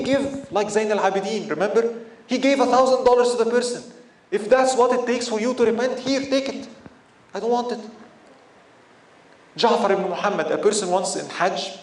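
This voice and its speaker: A man's voice: high voice, roomy sound, poor audio. A man preaching a sermon in English with Arabic phrases mixed in, telling stories animatedly and acting out the people in them. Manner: animated storytelling, acting out quoted voices. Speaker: Islamic preacher.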